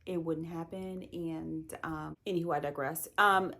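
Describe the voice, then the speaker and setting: A woman giving a casual, chatty book review, animated and opinionated. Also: deep voice, measured pace, gravelly.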